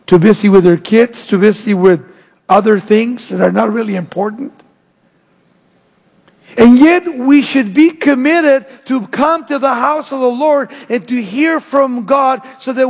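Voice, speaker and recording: A man preaching a sermon as pastor, with emphatic delivery that rises and falls. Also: extremely high pitch. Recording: long hall reverb.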